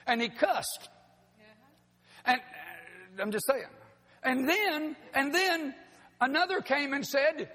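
A pastor preaching a sermon in a church, folksy and joking with the congregation. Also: male voice, very high voice, unhurried, fairly bright tone. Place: church sanctuary. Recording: long hall reverb.

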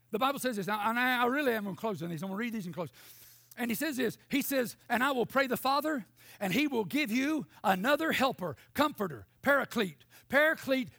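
A man preaching a sermon, passionate, moving between shouted lines and quiet storytelling. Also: high voice, vocal fry, no echo, clean studio sound.

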